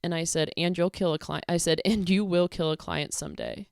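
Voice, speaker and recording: Sarcastic woman, low smooth dry voice. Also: fairly even intonation, brisk, darkish tone, no echo. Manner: exasperated, sarcastic. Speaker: commentary creator. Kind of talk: casual commentary reading messages.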